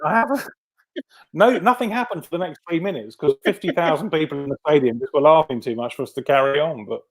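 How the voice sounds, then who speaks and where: Man, a venue producer guest, with a slightly high pitch and a self-deprecating, rambling delivery on a video call. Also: fast. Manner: anecdotal, self-deprecating, many fillers and restarts. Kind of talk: casual storytelling interview.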